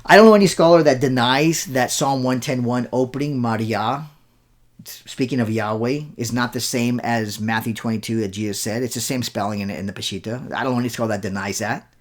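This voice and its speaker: A man talks through a rebuttal as the host of his own show. His voice sits in an ordinary middle pitch, and his delivery is insistent and argumentative, circling back to repeat key words for emphasis. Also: brisk. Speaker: show host and Bible scholar. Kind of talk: rebuttal commentary.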